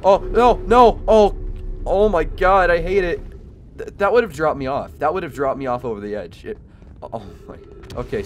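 A young man giving casual let's-play commentary, excitable and stammering over restarts, yelping when startled. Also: medium pitch, a little hiss or hum. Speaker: gaming YouTuber.

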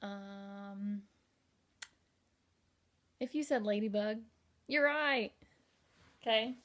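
A young woman teacher reading a picture book aloud to young children, gentle and expressive, often pausing to ask questions. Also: medium pitch. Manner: gentle, slow and expressive, asking the listener questions.

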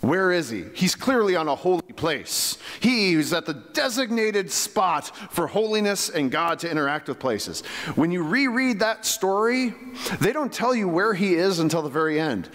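A pastor preaching in a casual, conversational way, tossing rhetorical questions at his congregation. His voice sits fairly high for a man and rings with a long church reverb. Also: big pitch swings, normal speed, fairly bright tone. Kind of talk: sermon. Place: church sanctuary.

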